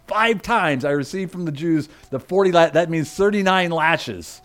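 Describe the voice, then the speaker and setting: A man preaching a sermon in a voice pitched slightly high. He hammers points home through repeated phrases, then drops into low muttered asides to his congregation. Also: animated, moderate pace, few pauses. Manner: emphatic and repetitive, swinging between loud preaching and muttered asides. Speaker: pastor.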